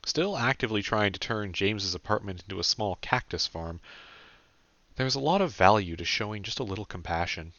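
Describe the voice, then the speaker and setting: A man narrating his own audiobook in a brisk, matter-of-fact way. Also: sits low, fairly bright tone, no echo, muffled recording. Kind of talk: scripted narration.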